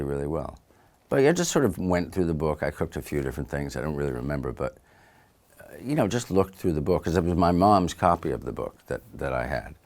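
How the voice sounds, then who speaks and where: A man, an actor and author, talking through a relaxed interview in a thoughtful, unhurried way, often trailing off softly, recorded in a studio. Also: very deep voice. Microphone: studio microphone.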